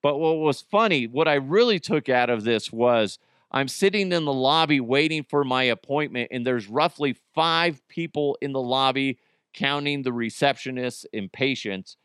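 A man's voice: mid-range voice, normal speed, clean tone, no echo, studio quality. A man in his thirties with an American accent, hosting a casual podcast and telling stories with acted-out quotes. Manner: animated storytelling, acts out quotes. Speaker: podcast host. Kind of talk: casual solo podcast chat.

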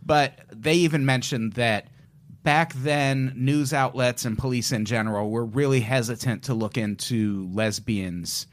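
A man's voice: mid-range voice, a little slow. Man co-hosting a casual crime podcast. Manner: joking, retells cases with asides. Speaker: podcast co-host. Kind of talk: casual true-crime chat.

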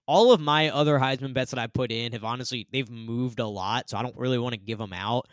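A man hosting a sports betting podcast, chatting casually through his picks in a relaxed way. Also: mid-range voice, quick pace, no room sound. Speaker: podcast host.

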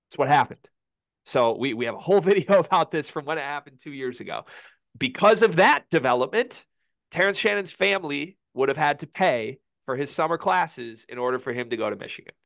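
A man co-hosting a college basketball podcast, explaining quickly and then ranting heatedly, his voice climbing high when he gets angry. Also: fairly bright tone, dry recording. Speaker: podcast co-host.

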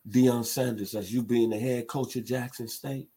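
A man's voice: medium pitch, fairly even intonation, moderate pace, dark tone, slightly rough. A man from Memphis, giving an emphatic sports commentary monologue. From Memphis, Tennessee. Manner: emphatic, builds to impassioned outbursts.

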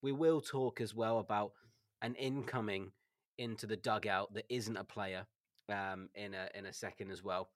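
A man's voice: on the low side, steady tone, moderate pace, dry recording, clean studio sound. A man co-hosting a football podcast, thoughtful and hesitant, full of fillers. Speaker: podcast co-host. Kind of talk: casual chat.

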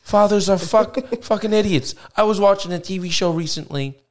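Loud, gruff mobster boss, raised pitch, swears constantly; a man putting it on for a bit. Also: little pitch movement, moderate pace, close to an everyday voice. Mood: scornful. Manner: loud, swearing, gruff tough-guy bluster. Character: blustering middle-aged male mobster boss. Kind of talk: comic impression on a podcast.

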